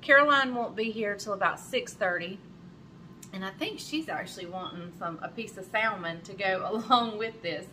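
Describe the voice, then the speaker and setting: A woman's voice: mid-range voice, normal speed, background noise. A woman hosting her own cooking show from her home kitchen, chatting casually as she cooks, with plenty of fillers and self-corrections. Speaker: cooking channel host.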